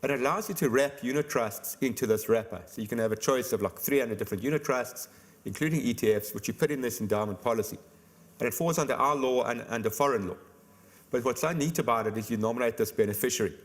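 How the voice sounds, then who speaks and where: A middle-aged man, an insurance expert, explaining estate planning in a brisk interview. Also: medium pitch. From South Africa. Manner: brisk, explanatory, rapid-fire examples. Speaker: insurance company expert guest. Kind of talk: virtual conference interview.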